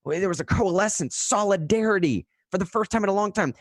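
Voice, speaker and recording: A young man hosting a radio news show, giving live, casual commentary that turns animated and full of restarts. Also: sits high, quick pace, hardly any pauses, dry recording, studio quality. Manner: casual and animated, frequent "dude" and "man", restarts when worked up. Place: radio studio.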